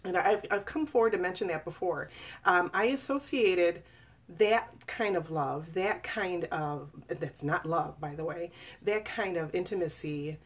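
Earnest woman in her forties, low voice. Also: measured pace, breathy edge. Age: 40s. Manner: earnest, confiding, with fillers and restarts. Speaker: author reading and discussing her memoir. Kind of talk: personal testimony, casual live talk.

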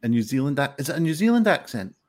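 A man's voice: mid-range voice, big pitch swings, fast talker, a little mellow. A man hosting a live-streamed pun contest in a chatty, rambling way, with lots of ums, over a video call. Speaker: game show host.

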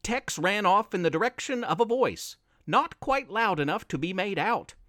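Male narrator, expressive storybook reading, high lively pitch, dry close mic. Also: normal speed, no room sound.

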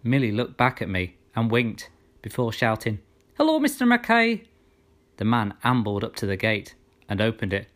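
A man narrating a children's story in the first person, with steady storytelling delivery. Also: lowish voice, moderate pace.

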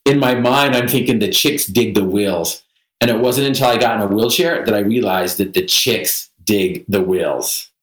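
A man's voice: medium pitch, normal speed, hardly any pauses, reverberant, low-quality recording. A man as a podcast guest, telling a vivid personal story with self-deprecating humor.

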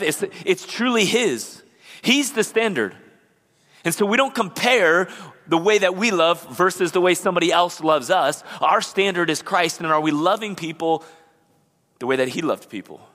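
Male pastor, bright high voice, animated sermon delivery, reverberant church hall. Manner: animated preacher who acts out the people he describes. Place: church sanctuary.

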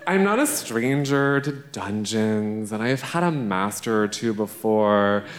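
A man's voice: lowish voice, animated, slow pace. A man, a drag performer, telling a playful, brash and profane story live on a theater stage. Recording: echoey theater stage recording.

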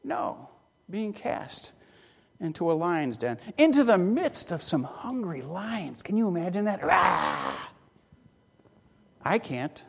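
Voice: medium pitch, sing-song, measured pace, vocal fry, darkish tone, slightly rough. A preacher delivering a sermon, telling a story with rhetorical questions and wry asides. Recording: long hall reverb.

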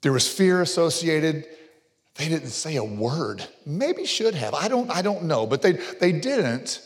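A middle-aged man, a pastor, telling a family story in a sermon with animated, joking delivery. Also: fairly high pitch, unhurried. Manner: animated joking storyteller, gets loud on punchlines. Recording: long reverb of a large hall.

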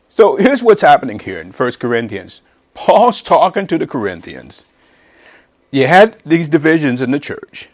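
Middle-aged male pastor, folksy sermon delivery, lively swooping voice, on the higher side, climbs to emphatic peaks. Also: moderate pace. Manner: folksy, preacherly, rising to emphatic shouts.

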